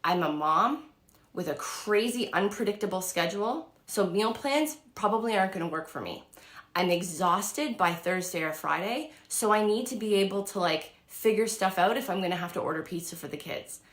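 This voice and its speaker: A woman's voice: mid-range voice, lively intonation, moderate pace, reverberant. A woman in her thirties telling a story to camera in a casual, chatty way, full of fillers and acted-out quotes. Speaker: vlogger and diet coach.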